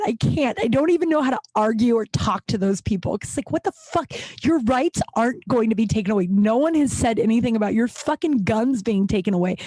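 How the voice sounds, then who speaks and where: A woman in her late thirties from Colorado hosting a podcast, talking in a halting, tearful, emotional monologue full of restarts and swearing. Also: high voice, dry recording. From Colorado, USA. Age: late 30s. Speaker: podcast host.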